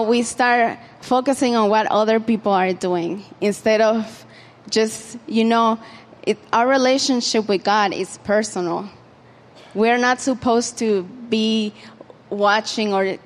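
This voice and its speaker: A woman's voice: fairly high pitch, long reverb tail. Woman preaching in a chatty, informal way. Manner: conversational, with many fillers and restarts. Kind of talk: informal sermon.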